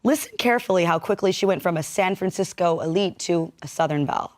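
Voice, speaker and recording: A woman's voice: fairly low pitch, animated, quick pace, a little mellow. A woman hosting a television news segment in a playful, teasing way.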